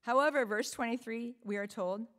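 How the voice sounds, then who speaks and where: A woman's voice: on the high side, normal speed, fairly bright tone. A woman preaching a sermon in an earnest, emphatic way, often asking the listeners rhetorical questions.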